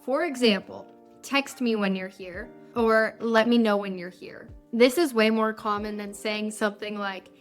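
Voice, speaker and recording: A young woman, teaching English phrases in a clear, friendly lesson style. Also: mid-range voice, moderate pace, faint music behind. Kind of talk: scripted lesson narration.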